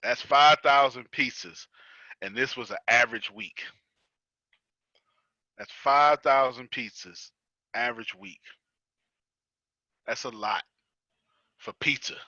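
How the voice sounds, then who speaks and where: Hosting a business coaching call, this American speaks slowly with frequent pauses, his medium-pitched voice pushed and bright on a dry, lo-fi recording. The talk is a casual teaching chat where he teases the group, laughs a lot, and repeats things for emphasis.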